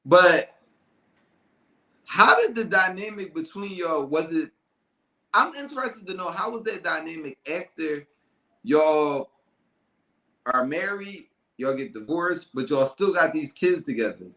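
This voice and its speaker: A man hosts a podcast in a loose, slangy manner with a fairly high, bright, forceful voice. The room around him rings with noticeable echo. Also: animated, measured pace, long pauses. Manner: loose, slangy, reads out live chat. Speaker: podcast host. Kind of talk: casual podcast chat. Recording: roomy echo.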